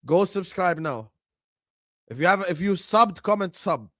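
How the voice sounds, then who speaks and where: A man hosting a football watchalong livestream, excitedly chanting and urging viewers to subscribe. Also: high voice, unhurried, no echo, clean studio sound. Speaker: livestream host. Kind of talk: hyped watchalong livestream chat.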